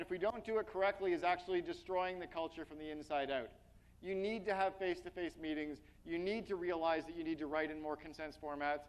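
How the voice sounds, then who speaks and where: A man giving an energetic, blunt business keynote to a live audience, speaking to them directly and asking them questions. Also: high voice, fairly quick, rough recording.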